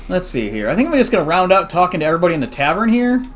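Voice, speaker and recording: Animated young man playing a game. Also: high voice, rapid-fire. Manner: chatty, animated, excitable reactions. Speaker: let's play host. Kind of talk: casual game commentary, reading dialogue aloud.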